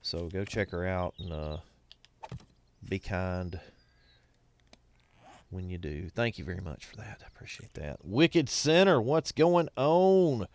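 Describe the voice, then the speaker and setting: A man's voice: low voice, fairly even intonation, a little slow, long pauses, a little hiss or hum. A man, streaming a game live and chatting to his viewers in a folksy, rambling way, a bit foggy after being ill. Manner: folksy, rambling, sings snatches and laughs at own jokes.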